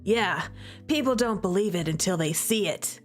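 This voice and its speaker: A woman voicing a flirty, joking male math teacher in a visual novel, speaking slowly in a teasing, low-key voice. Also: animated, soft background music, natural voice. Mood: teasing, earnest.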